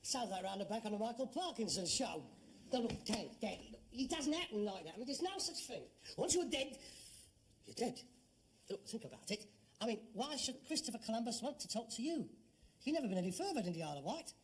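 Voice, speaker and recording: A man's voice: very high voice, sing-song, fairly quick, noisy background, heavily acted. A middle-aged man with a London Cockney accent, acting a grown son in a sitcom, sarcastic and exasperated. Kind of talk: 1970s British sitcom acting.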